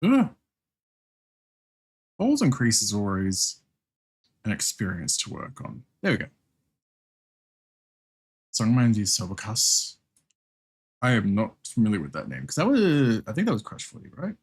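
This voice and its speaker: A man's voice: fairly low pitch, huge pitch swings, a little slow, pauses often, husky. Brief: man, art streamer, loose rambling chatter with fillers and little laughs, drawing while he talks. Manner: rambling, reacts to chat and background music.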